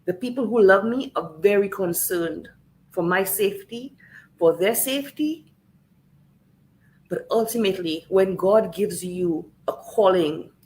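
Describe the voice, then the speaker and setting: A woman's voice: medium pitch, darkish tone, low-quality recording. A woman from Saint Lucia, tearful and earnest, giving an impassioned livestream address and repeating phrases for emphasis. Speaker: livestream host speaking on politics. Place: home in Canada.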